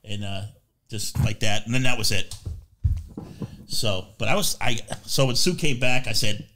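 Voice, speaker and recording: A man co-hosting a podcast, telling animated stories in casual chat. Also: on the low side, normal speed, noisy background. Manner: animated storyteller, does quoted voices. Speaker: podcast co-host.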